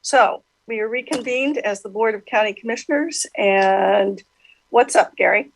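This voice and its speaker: A woman's voice: mid-range voice, moderate pace, creaky, no echo, rough recording. A woman chairing a county board meeting in a polite, accommodating way.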